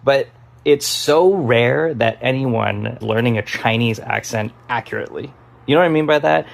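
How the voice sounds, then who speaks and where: A man's voice: medium pitch, moderate pace, gravelly. A man from Taiwan, an improv teacher, giving his frank opinion in a casual talk to camera. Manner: casual, frank, lots of fillers.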